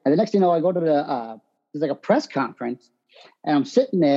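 Brash, animated boxer. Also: male voice, a little high, quick pace, highs cut off. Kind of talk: interview answers.

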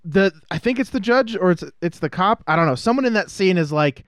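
A man's voice: high voice, animated, brisk, fairly bright tone, no room sound. A man co-hosting a podcast, joking crudely and casually about a film, recorded close on a mic. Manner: joking, crude, mocks characters in silly voices. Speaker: podcast co-host. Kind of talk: casual movie-review chat.

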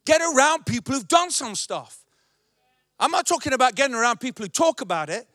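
A man's voice: very high voice, lively intonation, fairly quick, bright, forceful tone, no echo, clean studio sound. A male pastor preaching a sermon, emphatic and repetitive.

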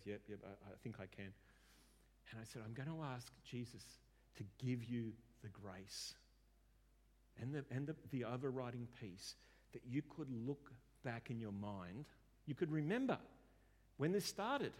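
A man preaching a sermon and telling a story conversationally, often repeating words as he starts a sentence. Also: medium pitch. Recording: long hall reverb.

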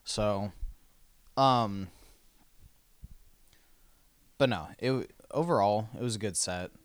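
A man's voice: lowish voice, takes it slowly, clean tone, no room sound. A man chatting casually and laid-back, swearing now and then. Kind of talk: casual chat.

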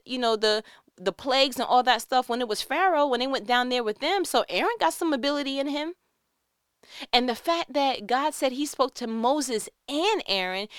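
Smooth-voiced woman preaching. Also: high voice, no echo, studio quality. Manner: animated, talks straight to listeners with rhetorical questions. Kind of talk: conversational sermon.

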